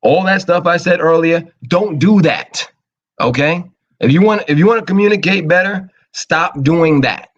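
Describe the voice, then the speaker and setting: A man hosting a casual advice talk show, animated and acting out quoted voices as he talks. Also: on the high side, moderate pace, dull audio. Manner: animated, acts out quoted voices, laughs often.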